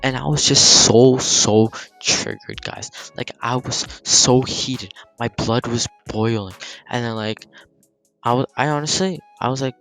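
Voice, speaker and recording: A teenage guy telling a story in a casual vlog, animated and heated, swearing freely and filling with "like". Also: mid-range voice, measured pace, gravelly, faint music behind. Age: teens. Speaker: gaming channel storyteller.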